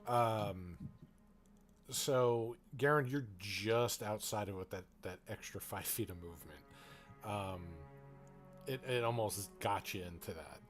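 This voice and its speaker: A man running a tabletop game as game master, narrating with many pauses and fillers. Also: lowish voice, faint music behind.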